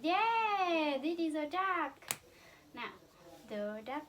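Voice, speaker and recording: Vietnamese mom doing a puppet english lesson, super slow and repetitive, makes the animal noises. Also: female voice, high-pitched, very animated. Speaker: mother teaching her child.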